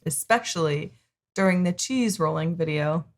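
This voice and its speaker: A woman co-hosts a reaction video in casual chat, with a teasing, giggly manner. Her voice sits a little low. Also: normal speed. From United States. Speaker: reaction channel co-host.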